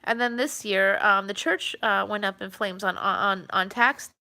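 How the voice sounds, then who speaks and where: A woman's voice: medium pitch, measured pace, pushed and bright. A woman chatting casually on a live stream, rambling with many fillers and restarts. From New York.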